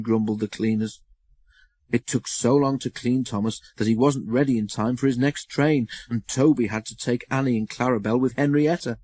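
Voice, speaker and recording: A man narrating a children's storybook in a measured, expressive way on a close studio mic. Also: mid-range voice, no room sound.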